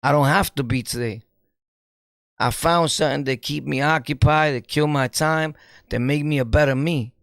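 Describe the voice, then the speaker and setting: A man with a New York accent, a streamer giving an animated, preachy commentary in street slang and laughing often. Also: fairly high pitch, moderate pace, no echo, studio quality. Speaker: streamer and YouTuber. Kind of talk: casual commentary monologue.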